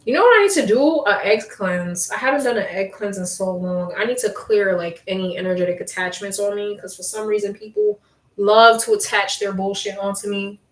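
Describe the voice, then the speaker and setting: A young woman hosting a casual livestream from home, reading viewer comments and chatting, with a strong voice that has some bass to it. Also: a little fast, recorded from a distance. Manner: chatty, reads viewer comments aloud, laughs often. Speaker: livestream host. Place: room at home. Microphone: laptop mic. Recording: echoey room, talking from off the laptop mic.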